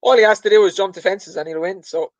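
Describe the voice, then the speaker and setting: A man's voice: high-pitched, fast, no echo, dull audio. A man co-hosting a podcast, talking casually about betting in an easygoing, self-deprecating way. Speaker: podcast co-host.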